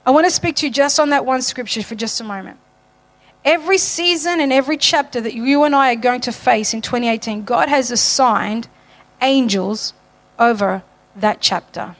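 A woman with a somewhat high voice preaches a sermon at normal speed. She builds to fervent declarations and calls on the congregation for amens.

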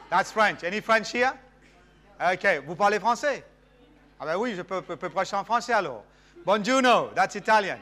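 A man's voice: high voice, normal speed. A middle-aged man from Mauritius, preaching a sermon as a guest and calling for responses from the congregation. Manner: animated, calls for audience responses.

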